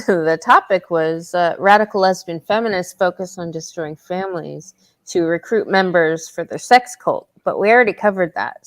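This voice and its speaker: A woman hosting a casual voice chat, talking in a relaxed, halting way and sounding tired. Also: medium pitch, no echo. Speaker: host.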